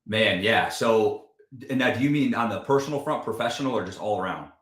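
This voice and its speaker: A man's voice: lowish voice, expressive, brisk, fairly bright tone, roomy sound. A man talking as a podcast guest in casual chat, emphatic and profane, often saying dude and man.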